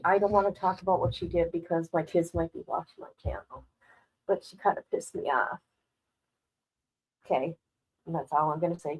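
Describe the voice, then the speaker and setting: A woman's voice: fairly low pitch, husky, low-quality recording. A middle-aged woman hosting a casual livestream, talking bluntly and frankly to her viewers and laughing often between remarks. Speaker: livestream host.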